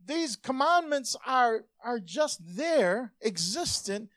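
A man preaching a sermon, lively and conversational, dropping soft then rising loud, acting out voices in his stories. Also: extremely high pitch, slow, dry recording, studio quality. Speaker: pastor.

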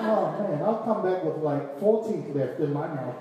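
A man preaching a sermon, animated, acting out scripture scenes with voices and laughter. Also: high-pitched, moderate pace, background noise. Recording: echoey hall, distant mic, faint ambience.

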